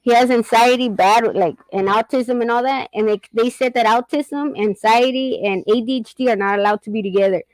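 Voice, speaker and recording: Woman, middle-aged, casual rambling chat, laughs a lot, slightly high voice, dry sound. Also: a little fast, hardly any pauses, a little mellow, dry recording, rough recording. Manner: rambling, laughs often, acts out her son's voice.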